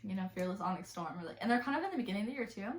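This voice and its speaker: A young woman, co-hosting a casual chat, bubbly and quick to laugh, filling her talk with fillers. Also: mid-range voice, animated. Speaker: podcast co-host. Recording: echoey room.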